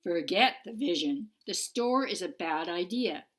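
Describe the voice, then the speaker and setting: A woman's voice: on the low side, lively intonation, measured pace, fairly bright tone. Audiobook role: a dry, sarcastic female cat familiar, read by a woman. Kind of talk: audiobook character voice.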